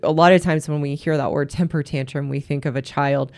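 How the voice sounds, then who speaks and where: Give me a woman with a very low voice, earnestly coaching in an advice talk. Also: fairly even intonation, fairly quick, a little mellow. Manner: earnest, repeats words when restarting. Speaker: marriage coach and host.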